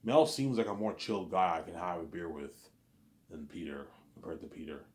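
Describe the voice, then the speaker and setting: Man, very low voice, rambling casual monologue, repeats himself, echoey room. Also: lively intonation, normal speed, darkish tone. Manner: rambling and repetitive, restarts phrases. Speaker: vlogger.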